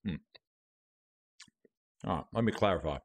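A man's voice: low-pitched, expressive, unhurried. An Australian man hosting a casual live stream, chatting while he eats. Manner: chatty, talking while eating. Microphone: streaming mic with noise gate.

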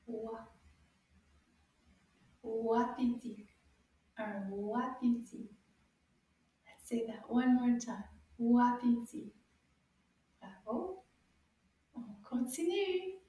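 A woman teaching children French words, encouraging them and repeating each word slowly with sound clues. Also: a little high, mellow, recorded from a distance. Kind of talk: slow, drawn-out teaching for kids. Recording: very echoey room, a bit off-mic.

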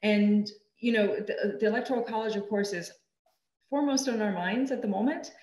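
A woman's voice: medium pitch, normal speed, a little mellow, reverberant, rough recording. A woman moderating a seminar discussion over a video call, talking hesitantly with many ums.

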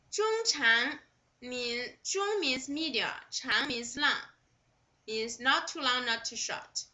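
Slow, bright-voiced Chinese-accented woman teaching. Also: sits high. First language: Mandarin Chinese. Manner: repeats each phrase, then glosses word by word. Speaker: Mandarin teacher. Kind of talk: slow vocabulary lesson.

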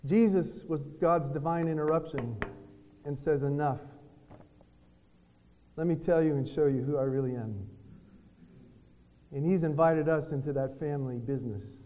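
A man giving a retreat talk in a preaching style, telling lively stories and acting out what other people said. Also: fairly high pitch, normal speed, long pauses. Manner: lively storytelling that acts out other people's words. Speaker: retreat speaker. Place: hotel conference room. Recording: long reverb of a hotel meeting hall.

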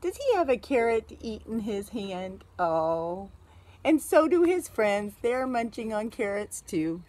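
A woman reading a picture book aloud to a child, gently and slowly, with gasps and exclamations. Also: fairly high pitch, very animated.

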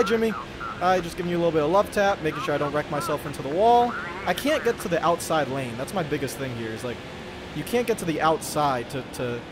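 A young man giving chatty, exasperated, self-mocking commentary while playing a racing game at home. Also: on the high side. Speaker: gaming YouTuber. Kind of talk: gameplay commentary. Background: game music.

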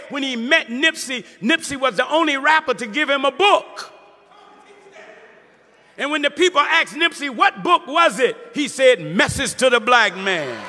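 A man, a minister giving a testimony sermon, who rises from storytelling into shouted preaching with quick asides to the audience. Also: extremely high pitch. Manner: preaching, rising to shouts, call-and-response asides. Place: large hall before an audience. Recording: live hall with reverb, crowd behind.

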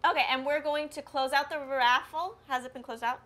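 A woman's voice: sits high, steady tone, brisk, a crowd in the background. A woman player on a livestream, talking upbeat and straight to the viewers. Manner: upbeat, addresses viewers directly. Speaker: player and co-host. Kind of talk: casual chat on a livestream.

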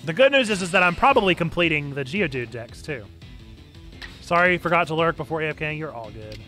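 A man's voice: a little high, lively intonation, a little fast, pushed and bright, faint music behind. A man with a North Carolina accent, chatting playfully with his viewers while streaming a game. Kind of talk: casual gameplay stream chat.

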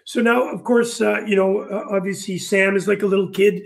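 A man hosts a live interview in a chatty, joking way. His voice sits high for a man. He keeps the talk light and full of banter. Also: steady tone, fairly quick, gravelly. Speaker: host. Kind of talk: casual live interview chat.

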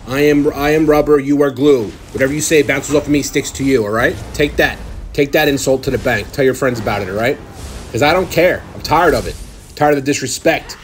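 A man's voice: mid-range voice, slight background noise. A young man boasting and trash-talking over gameplay as a gaming channel host, in a mock-arrogant way. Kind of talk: gameplay commentary.

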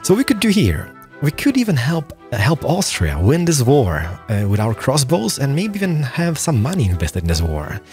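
Gameplay commentator: young man, very animated delivery, faint music underneath. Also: mid-range voice, moderate pace. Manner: animated, excitable, muttering to himself. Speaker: gaming YouTuber.

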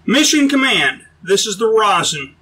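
A man doing a calm shuttle commander. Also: high-pitched, unhurried, husky, full character voice, rough recording. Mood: calm, commanding. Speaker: mission commander.

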